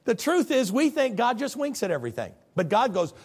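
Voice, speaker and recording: A man's voice: very high-pitched, wildly swooping pitch, a little fast, slightly rough. A man preaching a sermon as a pastor, telling stories with comic character voices.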